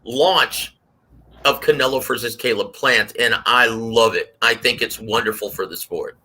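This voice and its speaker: A man giving his take on a boxing panel, telling stories and acting out quotes in a lively way. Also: mid-range voice, moderate pace. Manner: animated storyteller, acts out quotes. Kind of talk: casual panel commentary.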